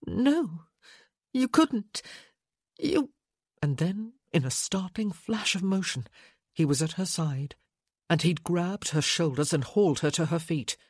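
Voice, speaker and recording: A woman narrating an audiobook in a measured, unhurried reading. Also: deep voice, slightly rough, no room sound, studio quality.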